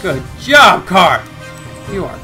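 A young man giving let's-play commentary, excitable, with melodramatic outbursts and mild swearing. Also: high-pitched, slow. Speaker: gamer. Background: game music.

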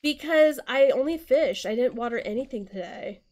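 Excitable young woman streaming a game. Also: fairly high pitch, normal speed. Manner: excitable, swears, trips over words. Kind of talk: casual co-op gaming chat.

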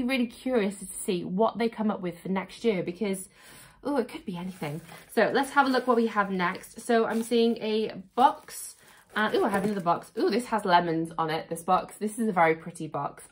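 Give me an excitable woman gushing over an unboxing, with a mid-range voice. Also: mid-range voice. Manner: gushing and excitable, repeats "really, really". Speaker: unboxing vlogger. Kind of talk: casual unboxing chat.

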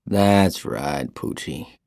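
A man voicing a cruel young male salesman who talks in a low, pleasant, coaxing voice that turns to menacing whispers. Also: steady tone, slow, gravelly, darkish tone, no echo, studio quality, heavily acted. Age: young adult.

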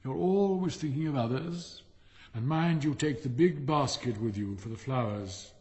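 A man's voice: mid-range voice, moderate pace, darkish tone, in a large hall, lightly acted. A man voicing the miller's doting wife, who speaks in a drowsy, admiring way.

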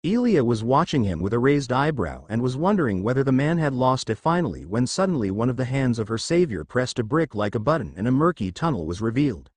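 Man, storybook narrator, lively swings in pitch, dry close sound. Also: fast, hardly any pauses, dry recording. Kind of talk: scripted fanfic narration.

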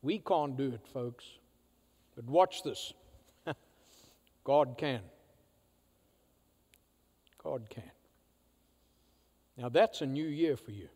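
A male pastor preaching a sermon, swinging from loud emphatic declarations to hushed, quiet asides. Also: mid-range voice, animated, unhurried, pauses often, breathy edge. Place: church sanctuary. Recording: church hall reverb.

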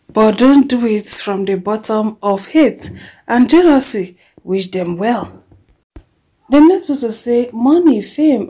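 Speaking at medium pitch with a Nigerian accent, a woman chats about celebrity gossip and reads fan comments aloud, punctuating them with lively exclamations.

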